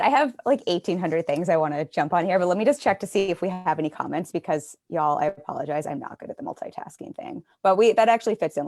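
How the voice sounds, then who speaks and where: Woman, live stream host; low, gravelly voice; casual, chatty, self-deprecating. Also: darkish tone, no echo, clean studio sound. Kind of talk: casual conversational interview.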